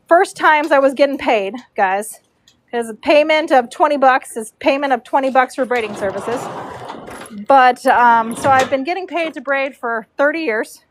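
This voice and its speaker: Chatty high-voiced woman livestreaming from a barn. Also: a little hiss or hum. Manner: chatty, reads viewer comments aloud, baby talk to her dog. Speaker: horse braider livestreaming. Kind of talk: casual livestream chat. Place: horse show barn stall.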